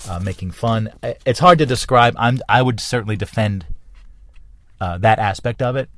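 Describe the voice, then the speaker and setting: A man's voice: on the low side, normal speed, fairly bright tone. A middle-aged man from New Jersey hosting a podcast, talking on his own in a rambling, enthusiastic way with many restarts. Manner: rambling, enthusiastic, self-correcting. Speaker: podcast host. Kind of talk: casual solo monologue.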